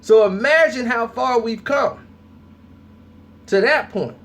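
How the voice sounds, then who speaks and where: A young adult man giving casual spoken commentary on his channel, telling stories in a lively way and acting out people's reactions. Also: very high-pitched, slow. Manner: animated storytelling, acts out reactions. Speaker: vlogger.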